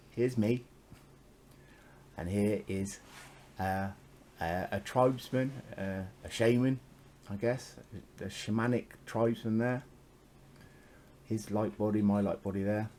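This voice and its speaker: A man's voice: on the low side, slow pace, pauses often, mellow, a little hiss or hum. A man telling a spiritual story in a casual, meandering monologue, swearing freely and chuckling often.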